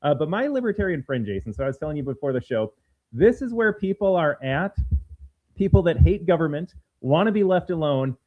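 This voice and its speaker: A man co-hosts a political talk show, pushing his points with animated, sarcastic emphasis. His voice sits a little high. The sound is narrow and tinny, like a phone line. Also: brisk. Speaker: podcast co-host.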